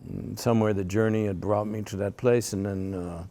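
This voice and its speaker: Older man, low gravelly voice, rambling storyteller in an interview, stumbles and repeats words. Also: fairly even intonation, brisk, mellow. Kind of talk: storytelling conversation.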